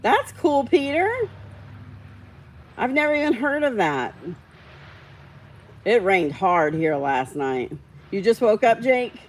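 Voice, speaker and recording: A woman's voice: on the high side, big pitch swings, takes it slowly, long pauses, rough recording. A woman hosting a casual live stream, chatting with viewers, reading out their comments and getting heated about how dogs are treated. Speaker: livestream host.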